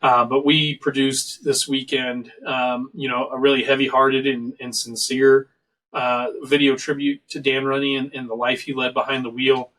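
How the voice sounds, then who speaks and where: A man's voice: mid-range voice, flat delivery, moderate pace, a bit bright, recorded from a distance, rough recording. A middle-aged man hosting a casual online talk show, rambling and joking as he tells stories. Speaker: show host. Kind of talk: casual podcast chat. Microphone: video call.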